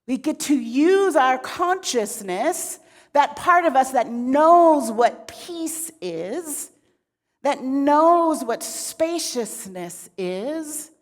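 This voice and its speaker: A woman minister giving a sermon in a relaxed, conversational way with frequent asides. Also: high voice, very slow, big-room sound. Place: church sanctuary.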